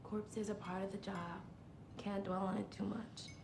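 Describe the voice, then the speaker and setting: An actress playing a weary female diner worker in a video game, speaking in a hushed, consoling way. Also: medium pitch, flat delivery, moderate pace, gravelly, reverberant, noisy background, lightly acted. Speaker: game character.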